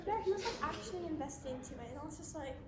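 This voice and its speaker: A woman's voice: high voice, lively intonation, rapid-fire. A woman who played a witness in a mock trial, chatting animatedly with teammates in a courtroom. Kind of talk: casual chat with teammates. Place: large courtroom. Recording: echoey courtroom with loud crowd chatter.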